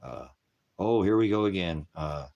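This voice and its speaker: Profane, ranting man with a deep voice. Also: measured pace, a little mellow, muffled recording. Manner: profane, heated, scolding; preachy, addressing viewers as brothers and sisters. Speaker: live-stream host. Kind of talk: angry live-stream rant.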